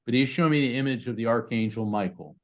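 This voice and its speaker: A man working as a psychic medium, giving a live reading to a grieving parent over a video call in a chatty, halting way full of fillers and restarts. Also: mid-range voice.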